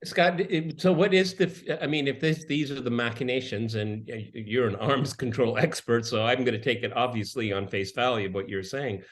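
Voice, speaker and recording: A man co-hosting a panel talk, asking questions in a halting way with restarts. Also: mid-range voice. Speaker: co-host. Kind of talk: interviewer questions.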